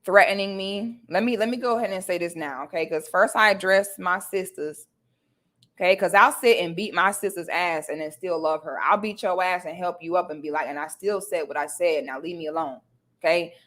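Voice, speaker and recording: A woman's voice: fairly low pitch, fairly quick, a bit bright. A woman talking straight to her viewers in a confrontational casual rant, full of sassy asides and repeated "okay?" tag questions. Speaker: vlogger.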